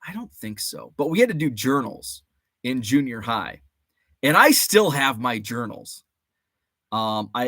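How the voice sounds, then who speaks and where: A man's voice: medium pitch, a bit bright, no room sound, studio quality. A man around forty hosting a casual livestream, rambling through memories, greeting chat viewers by name and swearing mildly. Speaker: host.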